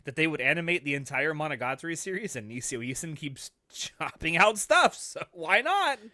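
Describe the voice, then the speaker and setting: Male podcast co-host, animated rambler, bright, forward tone. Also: on the high side, fairly quick, no echo, clean studio sound. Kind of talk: casual podcast chat.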